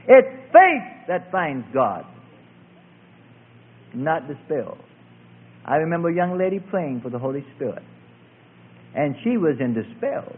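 Husky male preacher on tinny recording. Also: fairly high pitch, sing-song, measured pace, pauses often. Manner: emphatic preaching, swinging from loud to hushed. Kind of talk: sermon.

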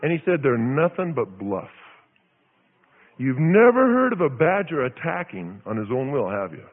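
A man from Idaho preaching a sermon, telling a story in an animated, dramatic way with lots of repetition. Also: a little high, fairly quick, in a large hall, phone-quality sound. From Idaho, USA.

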